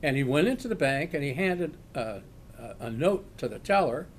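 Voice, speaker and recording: An older man, a retired law professor, slowly telling a personal story and acting out the shouts in it. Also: a little high, slight background noise. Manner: slow, animated storyteller acting out quoted shouts. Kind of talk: oral history storytelling.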